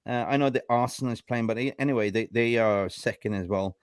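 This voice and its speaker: Excitable man hosting a football chat. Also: medium pitch, fast, clear, resonant tone, no room sound, clean studio sound. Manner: excitable, repeats fillers like "like, you know". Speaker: host.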